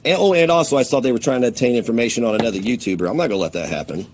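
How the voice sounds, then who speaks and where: A man's voice: medium pitch, rapid-fire, slight background noise. Furious ranting man on a livestream. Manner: heated, swearing, swinging from shouting to muttering. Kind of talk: angry livestream rant.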